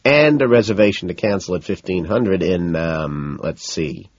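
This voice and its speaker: A man's voice: low voice, moderate pace, breathy edge, dry recording, highs cut off. A man reading an audiobook who voices a smug, offhand young male friend on the phone. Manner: wry, offhand.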